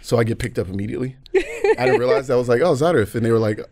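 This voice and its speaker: A man chatting as a podcast guest, lively and laughing, acting out voices in his stories. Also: mid-range voice, rapid-fire. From United States. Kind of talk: casual chat.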